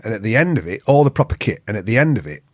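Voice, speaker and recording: A man's voice: on the low side, very fast, dry recording. A man from the north of England with a Yorkshire accent, telling a long story as a podcast guest, swearing freely and acting out what people said. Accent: Yorkshire English. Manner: swears freely, animated storyteller who acts out quotes. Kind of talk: casual storytelling.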